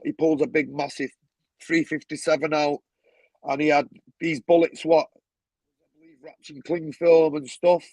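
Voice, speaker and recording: A man's voice: a little high, creaky, darkish tone, no room sound, poor audio. A man telling stories as a guest on a talk show, blunt and swearing freely, with a lot of "you know what I mean". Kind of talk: casual storytelling.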